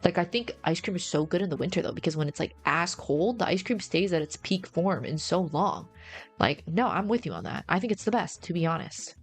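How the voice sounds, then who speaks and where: Faint music plays as this low-voiced streamer, her tone gravelly with fry, talks animated and a little fast. She rambles in slang, addresses her viewers as "bro," and responds to chat messages.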